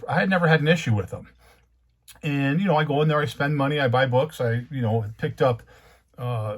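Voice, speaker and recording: A man hosting his own comic book channel, talking casually and rambling, growing heated as he rants. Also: mid-range voice. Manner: conversational, rambling, heated when ranting. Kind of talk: casual monologue.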